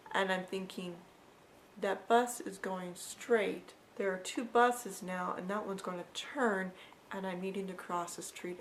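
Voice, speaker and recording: A woman's voice: fairly low pitch, a little hiss or hum, poor audio. A woman vlogger telling a personal story in a conversational, repetitive way, with frequent asides to the viewer.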